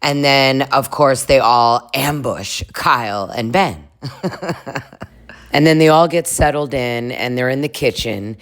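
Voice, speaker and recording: Woman, very deep voice, casual TV recap, crude jokes, frequent laughter. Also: slow pace. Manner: chatty and crude, laughs a lot, puts on voices for cast members. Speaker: recap vlogger.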